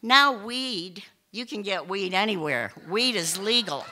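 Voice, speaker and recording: A woman's voice: medium pitch, lively intonation, a little slow, bright, forceful tone, a little hiss or hum. A woman telling a personal story on stage to a live audience, chatty and emphatic with many asides and restarts.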